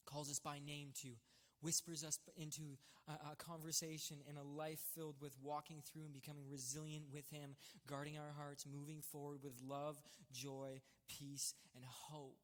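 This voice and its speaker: A man's voice: a little high, little pitch movement. Earnest male preacher in a reverberant hall. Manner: earnest, emotional, with many halting restarts. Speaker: church site leader preaching. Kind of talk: personal testimony sermon. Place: church stage.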